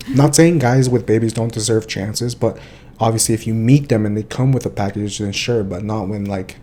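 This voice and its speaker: A young man co-hosting a podcast, chatting casually and telling animated, profane stories. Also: fairly low pitch, unhurried, slight background noise. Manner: animated storytelling, swears freely. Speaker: podcast co-host. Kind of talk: casual chat.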